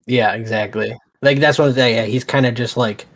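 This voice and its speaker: A man's voice: mid-range voice, steady tone, a little fast, few pauses. A man playing a tabletop role-playing game, describing and voicing his character in a laid-back, drawling way. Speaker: player. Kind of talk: casual in-character play.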